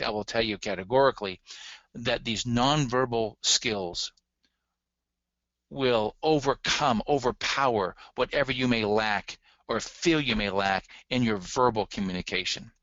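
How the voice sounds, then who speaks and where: A man's voice: medium pitch, normal speed, bright, forceful tone, no room sound, dull audio. A man giving a recorded lecture on relationship communication, earnest and emphatic, speaking straight to his audience.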